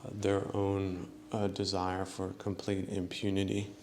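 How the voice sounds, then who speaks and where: A man's voice: sits low, completely flat delivery, unhurried, a little mellow, a little hiss or hum. A man hosting a solo podcast, rambling through his thoughts with many fillers and chuckling at his own jokes. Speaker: podcast host.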